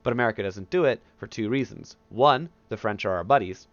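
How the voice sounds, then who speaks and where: A male history teacher gives a casual, conversational lecture recorded over a headset mic, slipping into quick asides where he acts out historical figures. His voice sits on the low side, with no echo and a lo-fi sound.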